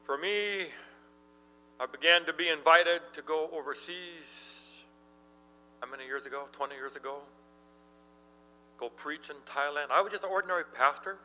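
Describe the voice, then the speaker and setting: A middle-aged male pastor preaching a sermon, telling stories in an animated way and laughing as he tells them. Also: fairly high pitch, normal speed, long pauses, in a large hall, a little hiss or hum, poor audio. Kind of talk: sermon with storytelling. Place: church.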